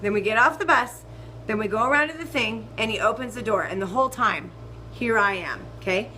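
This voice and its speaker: A young woman with a bright, tense voice pitched a little high tells a story in a ranting vlog. She swears constantly and jumps from loud, emphatic outbursts to low, muttered asides. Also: brisk, slight background noise, poor audio. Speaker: vlogger.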